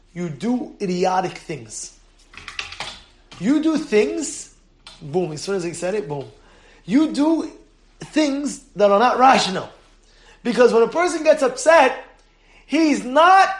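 A rabbi teaches his congregation in a lively, animated way, laughing often and acting out little scenes. His voice sits very high for a man. The room around him is roomy and echoing. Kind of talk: Torah class.

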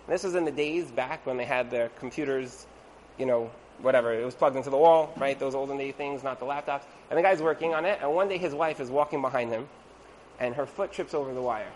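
A man giving a storytelling talk to an audience as a religious teacher, conversational and animated, acting out the people in his stories. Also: fairly high pitch, a little hiss or hum, poor audio. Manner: conversational, with frequent "like" and asides.

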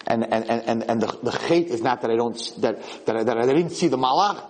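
A man teaching a Torah lesson in an excitable, repetitive way, restarting his sentences often. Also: mid-range voice, brisk, hardly any pauses, long reverb tail, rough recording.

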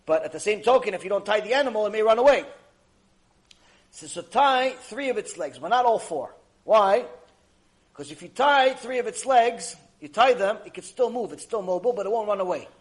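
A man, a rabbi, teaching a Torah lecture, retelling the story dramatically with sudden loud and soft swings and Hebrew religious terms. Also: sits high.

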